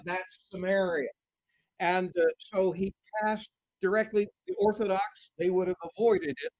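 A middle-aged man preaching a sermon in an earnest, measured way, reading scripture aloud as he goes. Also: sits high, no echo, low-quality recording.

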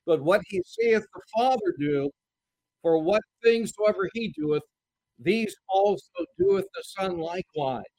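A middle-aged man preaches in an earnest, measured way, his voice sitting notably high for a man. The sound is dry and close, with little room around it. He reads scripture aloud within the sermon. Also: dry recording, rough recording.

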